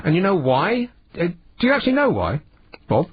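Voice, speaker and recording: A man's voice: sits high, wildly swooping pitch, brisk, breathy edge, no echo. A sardonic man hosting a late-night radio phone-in, scoffing at what he reads out. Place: radio studio. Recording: dull lo-fi radio broadcast.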